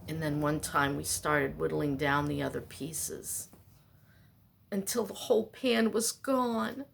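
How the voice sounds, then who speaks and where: Woman vlogger, low-ish voice, slow unhurried delivery, exasperated self-mocking rant. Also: creaky, husky. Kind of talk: casual rambling monologue.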